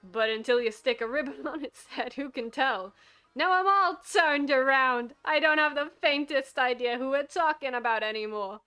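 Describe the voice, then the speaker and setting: A woman's voice: high voice, normal speed, bright, forceful tone, clean tone. A woman voicing a hearty, rambling older husband in a video game. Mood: blustering.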